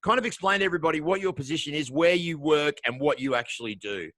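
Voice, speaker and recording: A man's voice: a little high, animated, fast talker, a bit bright, no room sound. An Australian man hosting a podcast interview show, with upbeat, welcoming showman patter. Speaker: show host.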